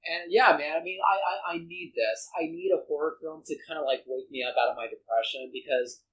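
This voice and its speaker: A man's voice: fairly high pitch, brisk, fairly bright tone, low-quality recording. Rambling, earnest man chatting casually. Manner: rambling, earnest, frequent restarts. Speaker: podcast guest. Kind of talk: casual reaction chat.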